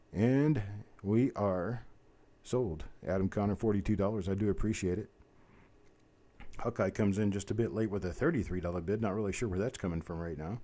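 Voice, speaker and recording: Folksy low-voiced man calling an auction. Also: warm tone. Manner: rapid bid-calling chant mixed with folksy chatter. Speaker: auctioneer host. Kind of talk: live online auction calling.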